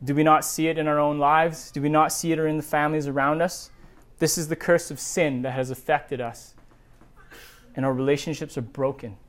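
Pastor, sermon, scripture reading, emphatic, rhetorical questions, medium pitch. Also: steady tone, moderate pace. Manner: emphatic, builds lists of words, asks rhetorical questions.

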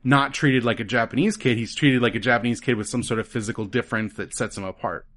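Man co-host, mid-pitched, loose rambling chat full of fillers. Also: fast, fairly bright tone. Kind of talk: casual conversation about video games.

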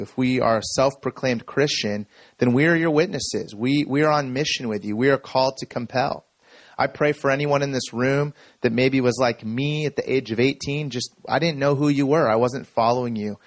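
A man in his thirties giving an energetic, story-driven sermon talk to a room full of people. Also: mid-range voice, normal speed, no echo. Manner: energetic storytelling, self-described talker. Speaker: speaker. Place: room with audience.

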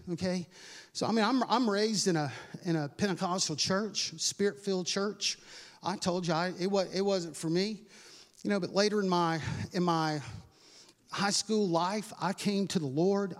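A middle-aged man preaching, telling his own testimony in an animated, self-mocking way and often repeating his words. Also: sits high. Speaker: pastor. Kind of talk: sermon testimony storytelling. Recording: long hall reverb with faint music.

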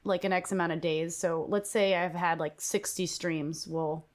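A woman's voice: fairly low pitch, steady tone, moderate pace. A woman hosting a live stream as a musician, chatting casually, reading out viewer questions and laughing often.

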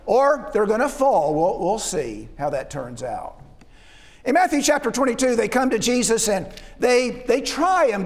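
A man with a very high-pitched voice preaches a sermon, circling back with restarts and repeated words. He leans on rhetorical questions to the listeners. His voice rings with the long reverb of a large hall.

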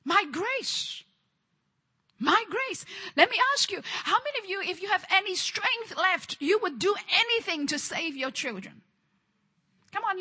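A woman preaching with a high, bright voice. She is fervent and works in repeated phrases, pressing her congregation to answer back. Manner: fervent, repetitive call-and-response preaching. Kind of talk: charismatic sermon.

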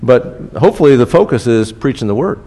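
A man's voice: medium pitch, lively intonation, fairly quick, warm tone. A man preaching a sermon in a casual, conversational way, repeating key phrases for emphasis. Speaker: pastor. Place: church.

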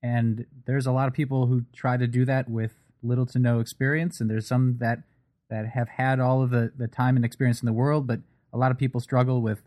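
A man, the host, asking measured, thoughtful interview questions. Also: medium pitch, little pitch movement, darkish tone.

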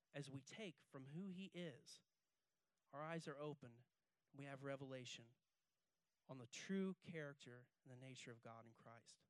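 A man's voice: on the high side, dry recording. A man preaching a passionate sermon as pastor, building long repeated refrains and leading the congregation in call-and-response. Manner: impassioned, building repetitive refrains. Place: church service. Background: faint guitar music.

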